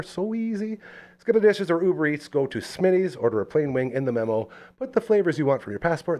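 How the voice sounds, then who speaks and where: A man's voice: mid-range voice, a little mellow. Chatty male podcast host. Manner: chatty storytelling, playful with sponsor reads. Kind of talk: casual chat.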